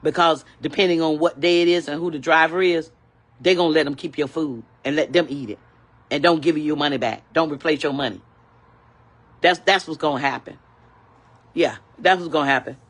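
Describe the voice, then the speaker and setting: This older woman speaks low and a little fast as she vents furiously in a vlog. Her complaint rant is indignant and preachy, full of repetition.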